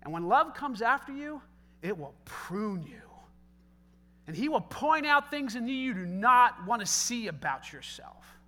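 A middle-aged man delivers a sermon in a very high, bright voice. He swings from forceful preaching to quiet, chatty storytelling and slips in joking asides. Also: unhurried. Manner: animated, swings between loud preaching and soft storytelling. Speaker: pastor.

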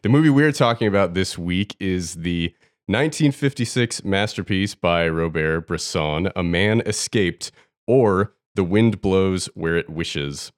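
Deep-voiced man hosting a podcast. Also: a little slow, no room sound, clean studio sound. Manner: relaxed, thorough explainer with fillers. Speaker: podcast host. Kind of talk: casual podcast discussion.

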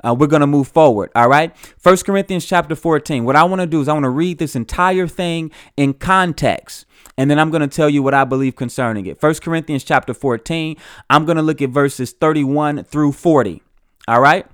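A man's voice: a little high, a little fast, clear, resonant tone, no echo, clean studio sound. A man giving an earnest recorded Bible teaching, often repeating and restarting his phrases as he explains.

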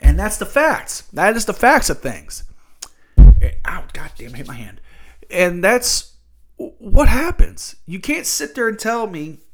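A man hosting a solo sports talk show, ranting in a fired-up, profane way. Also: high voice. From Louisville area.

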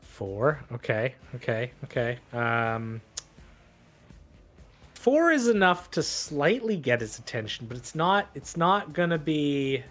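Slow, rambling game master man. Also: mid-range voice, very animated, fairly bright tone. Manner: rambling, full of fillers like "like" and "um". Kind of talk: narrating a tabletop game.

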